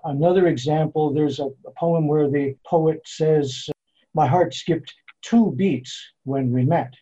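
A poet and author gives thoughtful interview answers in a dark, husky male voice that still sits on the high side. He speaks in a measured, explanatory way, slowing down to spell out meter, and the recording has a dull lo-fi sound.

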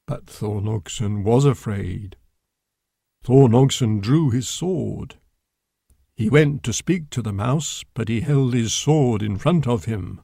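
A man reading a children's storybook aloud in a slow, clear, deliberate manner. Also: medium pitch, lively intonation, a little mellow, dry recording, clean studio sound. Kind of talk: storybook narration.

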